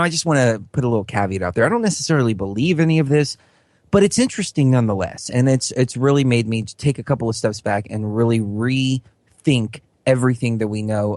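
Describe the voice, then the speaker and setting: A man's voice: mid-range voice, no echo. A man appearing as a guest on a radio talk show, explaining a theory in an earnest, rambling way. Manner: earnest, rambling, many fillers and restarts.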